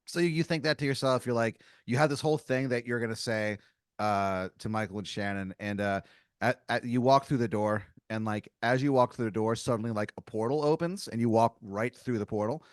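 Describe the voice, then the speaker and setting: A man's voice: mid-range voice, a little fast, dry recording, studio quality. A man hosting a comedy podcast, narrating an improvised story with lots of filler words. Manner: rambling, heavy on filler words. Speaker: improv game master.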